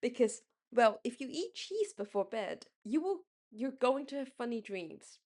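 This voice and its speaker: A woman's voice: a little high, big pitch swings, a little slow, darkish tone. A young woman from Singapore rambling in a casual late-night vlog, correcting herself often and laughing as she talks. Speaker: vlogger.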